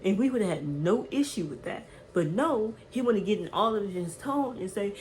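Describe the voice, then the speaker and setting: Animated woman telling a storytime. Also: mid-range voice, normal speed, hardly any pauses, slight background noise, low-quality recording. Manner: animated, emphatic retelling with slang and repeated words. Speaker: vlogger. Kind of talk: casual storytime.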